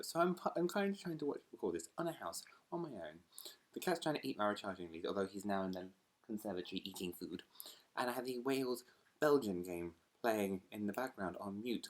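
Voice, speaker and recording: Lively chatty man, low voice. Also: fairly quick. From United Kingdom. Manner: chatty, animated, laughs easily, jumps between asides. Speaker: book vlogger. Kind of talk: casual rambling chat to camera. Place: at home.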